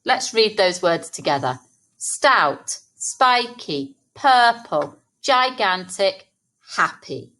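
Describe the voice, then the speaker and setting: A woman teaching young children phonics, sounding out words slowly and clearly. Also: medium pitch, big pitch swings, pushed and bright. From England. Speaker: primary school teacher. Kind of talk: early-years phonics lesson.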